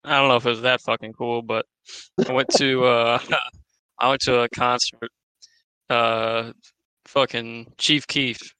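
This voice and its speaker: A man's voice: medium pitch, little pitch movement, unhurried, long pauses, sharp tone, clear, resonant tone, no room sound, low-quality recording. A man co-hosting a podcast, telling a story in laid-back, profane casual chat. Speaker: podcast co-host.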